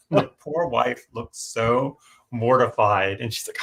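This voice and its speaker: A middle-aged man telling stories in a casual live chat, animated and full of fillers. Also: medium pitch, brisk. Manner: chatty, animated storyteller, many fillers and restarts. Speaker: guest on a livestream.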